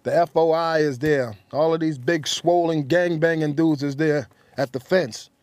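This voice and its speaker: Lively storyteller man with a dry close sound. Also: a little high, moderate pace, no echo. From the Bronx, New York. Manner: animated, acts out the voices in his story. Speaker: interview guest. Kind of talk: anecdotal storytelling.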